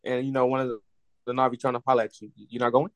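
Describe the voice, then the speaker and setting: A man's voice: mid-range voice, little pitch movement, very fast, no room sound, highs cut off. A man co-hosting a casual film podcast, laid-back and teasing his friends. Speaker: podcast co-host. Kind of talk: casual chat.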